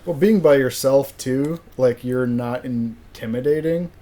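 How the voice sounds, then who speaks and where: A man's voice: medium pitch, warm tone. A man guesting on a podcast, talking casually with frequent restarts about sports and travel. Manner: halting, restarts often, enthusiastic sports fan. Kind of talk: casual chat.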